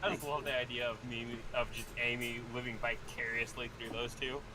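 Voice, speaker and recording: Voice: mid-range voice, level tone, over a noisy crowd, low-quality recording. A co-host on a drawing stream who chats casually and playfully and laughs easily. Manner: playful, giggly, quick to joke. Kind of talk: casual chat.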